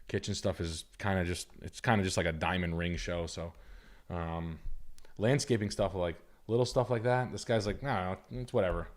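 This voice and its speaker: A man's voice: sits low, normal speed. A young man hosting a livestream, talking casually and crudely in rambling comic riffs. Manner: crude, rambling, acts out goofy voices. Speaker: livestream host. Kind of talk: casual comedic chat.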